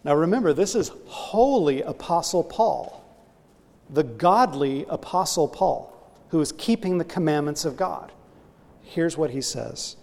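A man's voice: fairly high pitch, lively intonation, measured pace, vocal fry, a little mellow, in a large hall. A man preaching a sermon, earnestly illustrating his point with a story.

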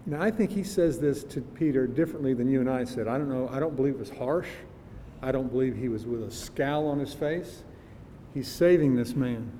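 A man's voice: a little fast, warm tone. An older man preaching a sermon in a conversational, musing way, sometimes laughing. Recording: reverberant hall with faint rumble.

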